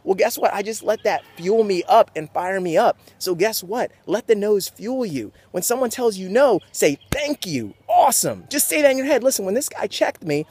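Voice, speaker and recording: A young man giving an energetic motivational talk to camera, just off a sports game. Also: sits high, normal speed, hardly any pauses, breathy edge. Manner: energetic, pumped up, preachy. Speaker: motivational vlogger.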